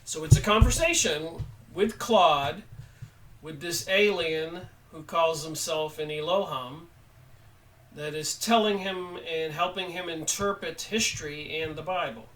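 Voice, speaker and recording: A man giving an unhurried spoken book review, halting often with pauses as he talks. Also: fairly high pitch, fairly bright tone, recorded from a distance, slight background noise, poor audio. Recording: voice set back from the mic.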